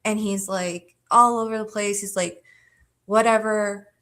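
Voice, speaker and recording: A woman's voice: medium pitch, fairly even intonation, a little slow, a bit bright. A woman hosting a livestream, telling a rambling personal story to her chat in casual, profane talk with lots of fillers and frequent laughter. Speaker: livestream host.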